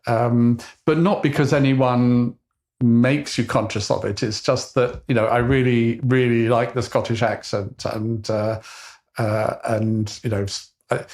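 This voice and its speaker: An older man with a Southern English accent, co-hosting a podcast in a relaxed chat, pausing often with ums and restarts. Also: mid-range voice. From England. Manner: hesitant, many ums and restarts. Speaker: podcast co-host, behaviour scientist. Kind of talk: casual conversational podcast.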